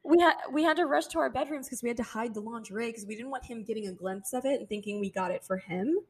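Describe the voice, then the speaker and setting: Young woman podcast cohost, kinda high voice, telling a wild story all worked up and cussing. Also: fast. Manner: animated, emphatic, swears freely. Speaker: podcast co-host. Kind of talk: casual storytelling chat.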